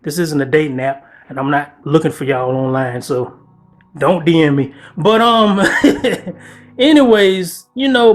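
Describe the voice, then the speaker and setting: A man hosting his own commentary video, speaking bluntly and casually with lots of profanity and laughing asides. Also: fairly high pitch. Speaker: commentary channel host.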